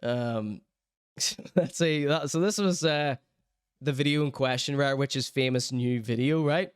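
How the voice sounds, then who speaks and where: A man's voice: medium pitch, unhurried, smooth, no echo, clean studio sound. A man hosting a podcast, commenting on viral clips in a casual, chatty and sarcastic way, laughing often. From Northern Ireland. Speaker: podcast host reviewing clips.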